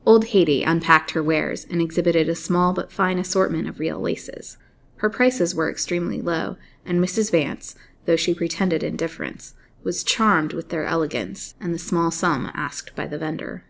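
A woman reading a chapter of an old serialized novel aloud, in a measured storyteller's manner. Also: fairly low pitch, vocal fry.

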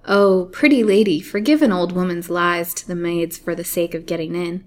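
A woman's voice: lowish voice, fairly even intonation, normal speed, close to an everyday voice. Woman doing a greedy old peddler hag. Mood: wheedling. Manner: wheedling, pleading. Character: greedy scheming old female lace peddler.

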